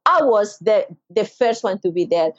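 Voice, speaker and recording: Recorded dry and sounding dull, this middle-aged woman from Venezuela talks at normal speed in a Venezuelan Spanish accent. As a podcast guest sharing an emotional story from her life, she performs quoted voices expressively, leaping widely in pitch.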